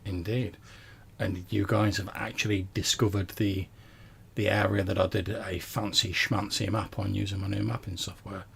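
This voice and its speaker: A man's voice: lowish voice, level tone, normal speed, creaky, husky. A man narrating as game master of a tabletop game over a call, describing scenes at length with lots of fillers.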